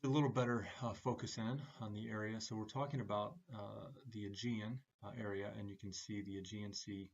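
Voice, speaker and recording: A man giving a recorded class lecture, speaking haltingly with many "uh" fillers between phrases. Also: fairly low pitch, little pitch movement, gravelly, husky, dull audio.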